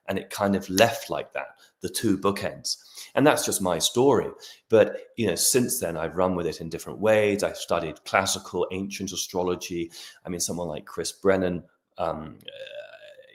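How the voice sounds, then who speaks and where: A middle-aged man, a guest astrologer on a video-call interview, talking in an expansive, animated way with frequent restarts. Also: sits low. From Britain. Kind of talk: podcast interview.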